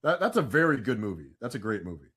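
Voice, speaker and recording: A man co-hosting a casual pop-culture podcast, chatty and prone to loud bursts of hype. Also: mid-range voice, very animated, fast talker, husky. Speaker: podcast co-host.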